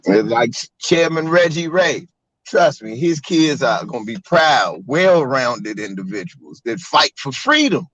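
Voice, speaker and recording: A man from Maryland telling stories in a casual livestream chat, animated and profane. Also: medium pitch, a little slow, no echo, poor audio. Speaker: co-host.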